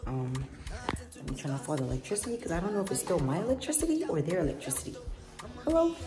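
A woman's voice: on the low side, very animated, fast talker, over music. A young woman chatting casually and emotionally to her phone camera for a vlog. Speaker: vlogger.

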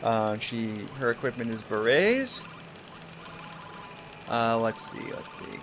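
A young man giving casual, excited let's-play commentary, chatty and laughing often. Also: mid-range voice, slow pace, noisy background. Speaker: game streamer. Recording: slightly dull home mic with game music.

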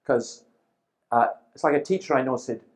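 A man in his fifties giving a seminar talk, telling lively stories with dry humour and acting out the people he quotes. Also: medium pitch, normal speed, poor audio. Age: 50s. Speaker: seminar speaker.

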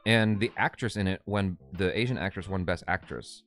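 A man co-hosting a casual movie-review live stream, talking in an animated, goofy way. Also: low-pitched, normal speed. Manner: animated and goofy, laughs often. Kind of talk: casual chat.

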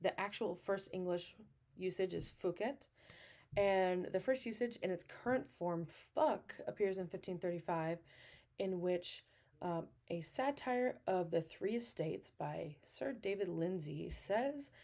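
A woman's voice: fairly low pitch, measured pace, a little mellow. Chatty woman lecturing with amusement. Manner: chatty, amused, laughs often. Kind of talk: casual recorded lecture over slides.

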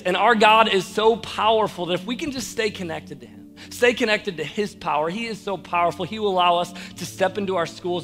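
A man's voice: high voice, a little fast, hardly any pauses, over music. A young man preaching a youth sermon with energy and rallying repetition, ending in a prayer. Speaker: youth pastor. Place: church youth event hall.

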